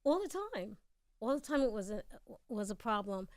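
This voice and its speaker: Woman, New York accent, mid pitch, talks straight and candid, guest in a dry radio studio. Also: sing-song, normal speed, no echo. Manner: blunt, candid storytelling. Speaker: guest actor. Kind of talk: casual interview chat.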